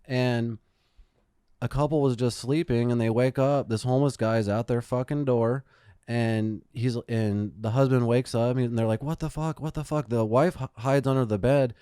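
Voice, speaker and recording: A man's voice: medium pitch, steady tone, moderate pace, dark tone, smooth, no echo. Casual male podcast co-host, profane rambling storyteller, clean dry close-mic sound. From Phoenix, Arizona. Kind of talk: casual chat.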